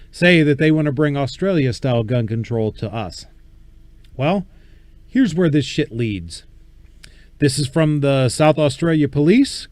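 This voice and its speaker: A man's voice: on the high side, a little mellow, no echo. A man hosting a casual show, speaking bluntly with casual swearing and reading news items aloud. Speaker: show host.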